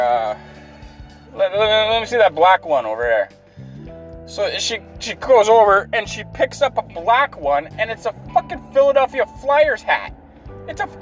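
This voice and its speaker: A man telling a story in an exasperated, profane rant, swearing constantly as he complains. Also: high voice. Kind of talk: ranting story.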